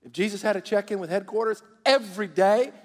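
High-voiced preacher in a reverberant hall. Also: male voice, brisk. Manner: call-and-response preaching, repeats words. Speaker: pastor. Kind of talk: sermon. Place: church sanctuary.

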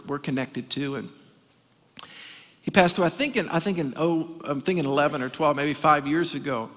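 A man with a notably high voice preaches with emphatic force, repeating key lines and prompting the crowd to respond. His words carry a long reverb tail, as in a large church auditorium. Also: fairly bright tone. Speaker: pastor. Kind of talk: sermon.

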